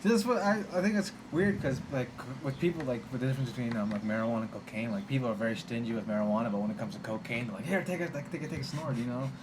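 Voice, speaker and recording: A young man co-hosting a podcast, chatty, cutting in with quick stories and questions. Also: medium pitch. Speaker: podcast co-host. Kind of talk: casual chat. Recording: background noise.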